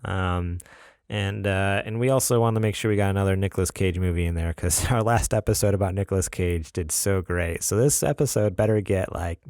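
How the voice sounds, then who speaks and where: Gravelly easygoing podcast host man. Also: sits low, a little fast, a little mellow, no room sound, clean studio sound. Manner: easygoing, rambling with many fillers and laughs. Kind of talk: casual chat.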